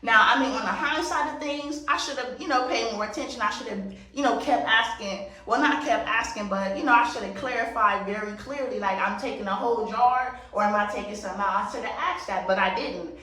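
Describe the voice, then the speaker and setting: Woman, vlogger, casual storytime, blunt and profane, forceful bright tone, heavy room echo, distant from mic. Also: a little high, fairly quick, few pauses. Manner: blunt, profane, emphatic retelling. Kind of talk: casual storytime while getting ready. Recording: very echoey room, voice set back from the mic.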